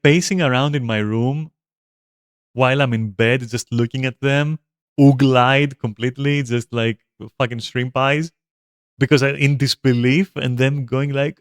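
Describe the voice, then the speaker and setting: A man streaming a game talks loosely over his play, rambling from thought to thought with plenty of fillers and swearing. His voice sits at a middling pitch and is recorded close and dry, with no room sound. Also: steady tone, unhurried, no room sound. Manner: rambling, profane, with frequent fillers. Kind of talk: casual gameplay commentary.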